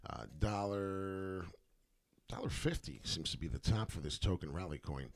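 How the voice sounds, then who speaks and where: Male crypto chart commentator, lowish voice, rambling off-the-cuff delivery with heavy fillers. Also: normal speed. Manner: rambling, filler-heavy, repeats words for emphasis. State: hiccuping. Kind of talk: casual market commentary.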